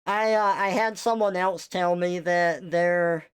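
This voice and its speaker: A woman with a Southern US accent chatting casually on a live stream, her pronunciation slightly mumbled and soft. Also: lowish voice, steady tone, slow pace, clean tone.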